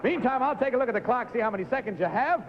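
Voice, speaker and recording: Jovial high-voiced male game show host. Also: expressive, rapid-fire. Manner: jovial, coaxing, walks contestants through stunts. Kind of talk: live studio game show hosting. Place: television studio with audience. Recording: dull lo-fi 1950s TV recording, faint hiss.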